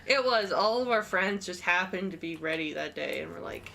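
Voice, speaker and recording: A woman's voice: fairly low pitch, animated, normal speed, creaky, pushed and bright, slight background noise. A woman co-hosting a game stream, chatting casually and telling stories with frequent giggles. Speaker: gaming streamer co-host. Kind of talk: casual chat while playing a game.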